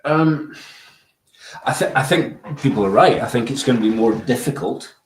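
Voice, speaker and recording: A man giving measured, analytical views as a podcast guest in casual chat. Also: medium pitch, distant mic, a little hiss or hum. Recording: echoey room, away from the mic.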